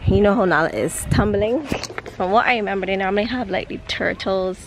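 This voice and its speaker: A woman's voice: mid-range voice, a little fast. A woman vlogging at an outdoor park, chatting playfully with her toddler in a coaxing, sing-song way. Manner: playful, coaxing baby talk with a lively sing-song lilt. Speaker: vlogger and mother. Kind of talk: casual vlog talk to her toddler. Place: outdoor park and wildlife reserve. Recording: noisy outdoor ambience. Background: outdoor ambience and animals.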